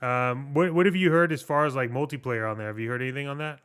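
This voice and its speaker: A man's voice: medium pitch, fast talker, a bit bright, clean tone. A man co-hosting a casual video game podcast, rambling through thoughts, restarting his sentences and swearing casually. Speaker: podcast co-host. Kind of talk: casual chat about video games.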